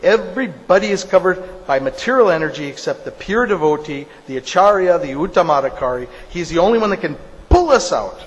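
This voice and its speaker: A man's voice: fairly high pitch, expressive, fairly quick, highs cut off. A man preaching a sermon in an emphatic, storytelling way, repeating phrases for stress. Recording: long hall reverb.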